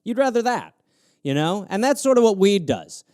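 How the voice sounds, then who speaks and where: A man's voice: high voice, normal speed, dry recording, studio quality. A male comedian hosting a live show, riffing crudely on prompts and jumping into character voices. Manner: animated, crude, jumps into voices.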